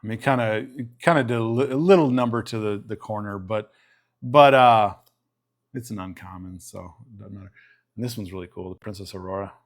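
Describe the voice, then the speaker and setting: A middle-aged man casually chatting on a livestream while opening trading cards, relaxed and rambling, often breaking off mid-sentence. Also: on the low side, fairly quick.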